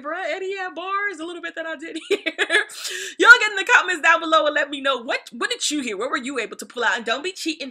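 High bright-voiced young woman vlogger. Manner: animated, laughing, slangy. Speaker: YouTube reaction host. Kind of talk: casual reaction vlog chat.

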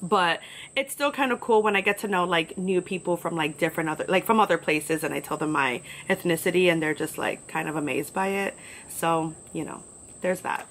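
A woman's voice: on the low side, brisk, a bit bright, slight background noise, rough recording. A young woman from New York with a light New York accent, talking casually and bluntly on her solo podcast, full of fillers and swearing. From New York, USA. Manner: chatty, blunt, profane, filler-heavy. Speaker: podcast host.

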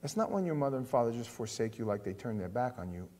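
A man pastor preaching a sermon in a chatty, animated way, swinging from soft asides to loud emphasis. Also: medium pitch, quick pace. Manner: conversational, with filler words.

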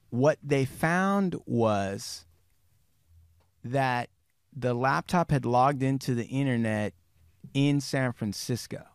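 Recorded dry with studio quality, this man's medium-pitched voice carries a true crime tale on his podcast. He chats casually, swears a lot, performs the quotes in character, and shifts his pace between fast and slow.

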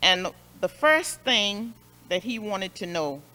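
A woman leads a Sunday school lesson, retelling a Bible story in an unhurried, emphatic way and circling back on key phrases. Her tone is bright and forceful. The sound rings with a long church-hall reverb. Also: mid-range voice. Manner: expressive, repeats phrases for emphasis.

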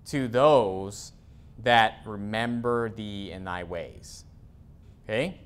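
Man, pastor, conversational sermon, lots of fillers, slow scripture reading. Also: mid-range voice, a bit bright. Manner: casual, conversational, many fillers, reads scripture aloud slowly. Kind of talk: expository sermon. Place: church.

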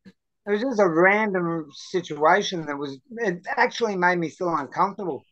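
A man's voice: sits high, normal speed, fairly bright tone, highs cut off. An Australian man hosting a podcast, chatting casually and telling rambling, sweary stories over drinks. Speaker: podcast host.

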